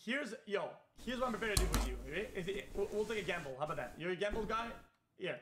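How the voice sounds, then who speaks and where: A man's voice: high voice, lively intonation, quick pace, noisy background. A man streaming live, reacting to a video in a rambling, casual chat full of repeated words.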